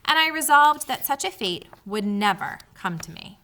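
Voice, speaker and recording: Woman doing a male mouse, storybook, miserly, fretful, high pitiful whine, swooping pitch. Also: sing-song, moderate pace, sharp tone. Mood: pitiful, dramatic. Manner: pitiful, high, whining and flowery.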